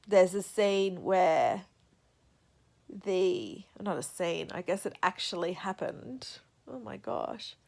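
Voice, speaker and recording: A young woman talking casually about her reading in a vlog, reflective and halting, teary after crying. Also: mid-range voice, vocal fry. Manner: reflective, soft-spoken, halting. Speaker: book vlogger.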